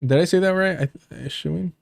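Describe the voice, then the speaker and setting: A man's voice: a little high, fairly quick, gravelly, dry recording. A man hosting a livestream, reading an article aloud and breaking off into profane, joking asides. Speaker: livestream host.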